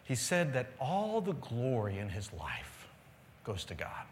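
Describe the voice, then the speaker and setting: Male pastor, storytelling sermon, very animated melody, loud highs and soft earnest lows. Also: unhurried, slight background noise. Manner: storytelling, swings from loud excited to quiet earnest. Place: church sanctuary with live congregation.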